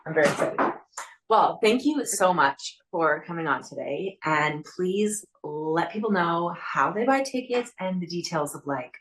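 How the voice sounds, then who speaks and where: A woman's voice: on the low side, animated, a little slow, a bit bright. A woman hosting a podcast in casual interview talk, heartfelt and chatty, with lots of "like" fillers. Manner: heartfelt, chatty, leans on "like" a lot. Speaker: podcast host.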